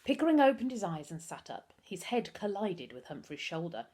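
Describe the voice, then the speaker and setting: A woman, a teacher, reading a children's book aloud with expressive storytelling. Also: fairly low pitch, moderate pace, few pauses, breathy edge.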